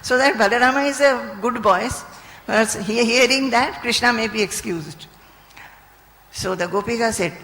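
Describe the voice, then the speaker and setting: A woman's voice: fairly high pitch, normal speed, a bit bright. A woman, a spiritual teacher telling a scripture story and chanting verses, recorded in a reverberant hall. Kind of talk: devotional scripture discourse.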